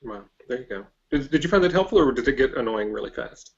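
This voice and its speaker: A man's voice: mid-range voice, animated, fast talker. A man hosting an interview, asking brief questions in a casual way. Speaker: podcast host. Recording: distant, dull lo-fi mic.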